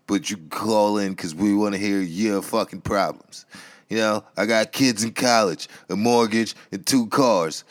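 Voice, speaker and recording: Deep-voiced man ranting crudely. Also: dry recording, studio quality. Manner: crude, mocking, insult-laden. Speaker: podcast host. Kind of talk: profane comedic rant.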